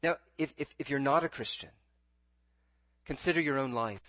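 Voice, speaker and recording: A man's voice: medium pitch, moderate pace, fairly bright tone, dry recording. Earnest stammering male preacher, dull dry sound. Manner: earnest, pleading, with frequent stammered restarts. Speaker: pastor. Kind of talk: sermon.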